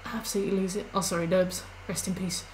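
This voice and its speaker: A woman's voice: fairly low pitch, fairly even intonation, fast, slight background noise, rough recording. A young woman chatting casually on a live stream while she plays, rambling through stories with lots of fillers.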